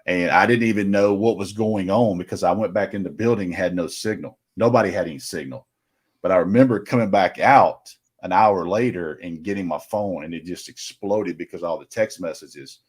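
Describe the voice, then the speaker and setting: A man's voice: deep voice, normal speed, slightly rough. A middle-aged man casually telling a rambling story, acting out what each person said. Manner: rambling anecdotal with quoted dialogue. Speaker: recruiting reporter.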